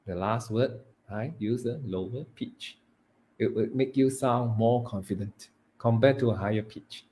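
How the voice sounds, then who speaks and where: A man, training students in public speaking, who swings between loud emphasis and hushed delivery and stretches words for effect. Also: medium pitch, a little slow. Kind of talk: live training talk.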